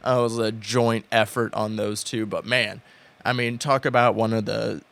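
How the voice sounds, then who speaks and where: Speaking into a podcast studio mic, a man in his late 20s co-hosts a casual chat, rambling eagerly with plenty of fillers and restarts. His lowish voice is gravelly and a bit bright, level in tone at a moderate pace.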